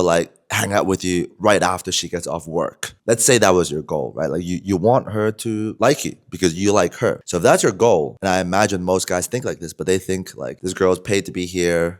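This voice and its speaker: A man with a very low, deep voice tells a story casually to the camera. He rambles in a relaxed way and fills his talk with "you know" and "like.". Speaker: vlogger.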